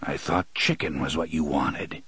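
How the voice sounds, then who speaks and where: A man reading an audiobook, voicing a weary, grim gunslinger who speaks low, quiet and terse. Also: fairly even intonation, a little slow, breathy edge, dry recording, heavily acted. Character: grim, weary middle-aged male gunslinger.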